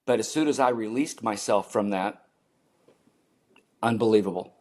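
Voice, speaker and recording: An older man, a podcast guest, telling personal stories in an animated way and acting out the people in them. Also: fairly low pitch, moderate pace. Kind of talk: storytelling in a podcast interview.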